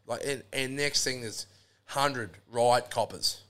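A man's voice: medium pitch, slow, a bit bright. An Australian man telling a rambling, sweary story in a casual chat, throwing in lots of "mate". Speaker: podcast guest.

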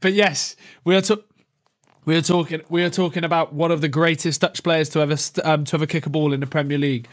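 A man's voice: a little high, fairly even intonation, fast, no room sound. A young man co-hosting a casual football podcast, laughing, swearing and joking. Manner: laughing, swearing, jokey banter. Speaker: podcast co-host.

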